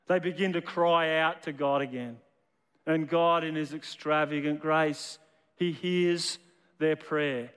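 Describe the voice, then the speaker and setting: A man's voice: fairly high pitch, fairly bright tone, clear, resonant tone, long reverb tail. A man preaching a sermon as a storyteller, often repeating his words as he builds a point. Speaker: pastor.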